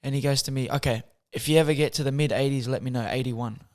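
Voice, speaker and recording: A young man speaks in a soft, unassuming way. He tells his story in a casual interview, throwing in slang and quick impressions of the people around him. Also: mid-range voice, steady tone. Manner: soft-spoken, chatty, acts out quotes with slang. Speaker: guest, boxer.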